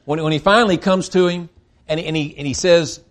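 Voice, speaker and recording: A man preaching a sermon, emphatic and swinging between loud stresses and quiet drops, with frequent restarts. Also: on the high side, fairly quick. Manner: emphatic, rising and dropping in volume, with restarts.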